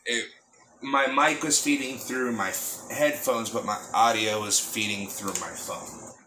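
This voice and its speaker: A man co-hosting a podcast over Bluetooth headphones, talking loudly with lots of swearing and jokes. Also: medium pitch, steady tone, measured pace, slight background noise. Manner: loud, profane, joking. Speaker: podcast co-host. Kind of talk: casual chat. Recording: muffled call audio.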